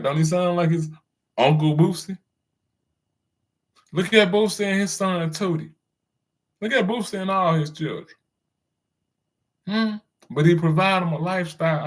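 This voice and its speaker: Man, solo commentator, casual slangy rant, voice sits on the high side, laughs at his own lines. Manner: loose slangy talk, chuckles at his own jokes.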